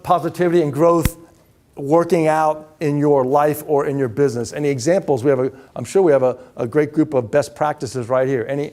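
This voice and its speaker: A man giving a live leadership talk to a room, energetic and asking the audience questions. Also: fairly high pitch. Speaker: keynote speaker.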